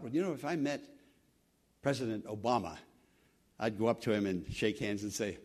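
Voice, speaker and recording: A man preaching a sermon as pastor, earnest, swelling loud and then dropping to a hush, with halting restarts. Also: medium pitch, lively intonation.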